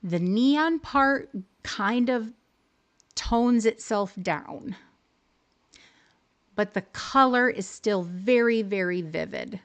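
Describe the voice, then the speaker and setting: A woman's voice: on the high side, animated, slow, long pauses. A woman hosting a live stream, casually explaining how to use in-game photo settings and often rephrasing herself as she goes. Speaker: livestream host teaching game photo editing.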